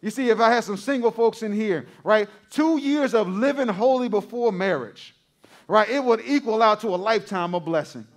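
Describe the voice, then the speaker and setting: A man's voice: high-pitched, moderate pace. A male pastor preaching a sermon to his congregation, repeating phrases for emphasis and calling out to the crowd.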